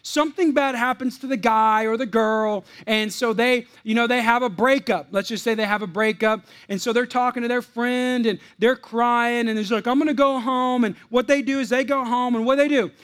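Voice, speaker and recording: A man's voice: extremely high pitch, fairly even intonation, moderate pace, hardly any pauses, fairly bright tone, smooth. A male pastor preaching a sermon in a playful, joking way, often restarting and repeating words as he talks to the congregation.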